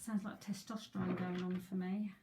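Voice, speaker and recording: A woman's voice: lowish voice, level tone, normal speed, dark tone, a little hiss or hum. Chatty English woman reading tarot. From England. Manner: chatty, addresses viewers by name, repeats words. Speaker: psychic tarot reader. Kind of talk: live-streamed tarot reading.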